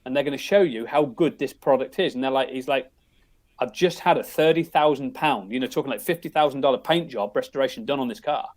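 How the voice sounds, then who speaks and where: A man's voice: medium pitch, quick pace, a little mellow. A middle-aged man with an English accent, a podcast guest telling family stories in a loose, rambling way full of restarts. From England. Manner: rambling, many restarts and "you know"s. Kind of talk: casual storytelling.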